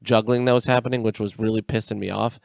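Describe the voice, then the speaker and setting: A man's voice: fairly low pitch, flat delivery, fast talker, creaky, darkish tone, no echo, clean studio sound. A man co-hosting a casual podcast, telling an online argument story with laughs and swearing. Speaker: podcast co-host. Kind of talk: casual chat.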